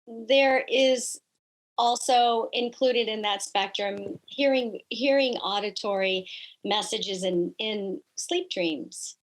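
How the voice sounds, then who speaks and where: A middle-aged woman telling personal stories in an earnest, reflective way, often pausing on fillers as a guest in a conversation. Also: on the high side, a little hiss or hum, poor audio.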